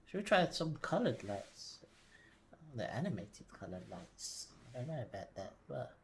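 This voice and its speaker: Male streamer, quiet and mumbly, hesitant, thinks aloud, sits back from the desk mic. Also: medium pitch, a little hiss or hum. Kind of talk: casual live-stream commentary while working. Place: home desk. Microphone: desk mic, sometimes leaning back from it.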